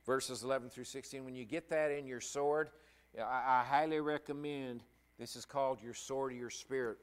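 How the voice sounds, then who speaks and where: A man's voice: medium pitch, fairly even intonation, smooth. Preacher guy telling a story in his sermon, gets choked up, keeps restarting. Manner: emotional, halting, with repeated restarts.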